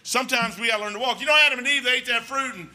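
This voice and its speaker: A man's voice: very high-pitched, very fast, pushed and bright. A man preaching a folksy, rambling sermon in a church, talking emphatically and conversationally.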